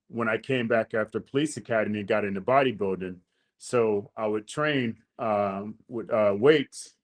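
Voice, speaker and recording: A man hosting a podcast, casually telling a long story in slangy talk, acting out the quotes. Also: on the low side. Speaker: podcast host.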